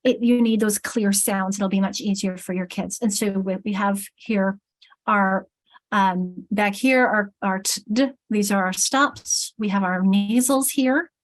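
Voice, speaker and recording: A woman's voice: medium pitch, fairly even intonation, a little slow. A woman trainer leading an online teacher workshop, explaining and sounding out vowel sounds over a video call. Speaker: literacy trainer.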